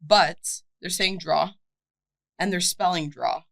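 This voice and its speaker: A woman's voice: lowish voice, fairly even intonation, slow pace, gravelly, a bit bright, no room sound. A young woman co-hosting a podcast, talking bluntly and sardonically with frequent laughs. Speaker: podcast co-host. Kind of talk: casual chat.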